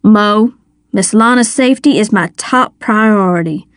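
A woman reading an audiobook, voicing a steady, businesslike male sheriff. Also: mid-range voice, measured pace, no echo, studio quality, natural voice. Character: male small-town sheriff, calm and commanding. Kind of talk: audiobook character voice.

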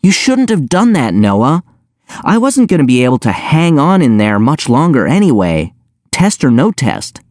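A man's voice: mid-range voice, lively intonation, a little slow, warm tone, no room sound, clean studio sound, lightly acted. A man reading aloud, voicing an exasperated teenage schoolboy with an incredulous, scolding tone.

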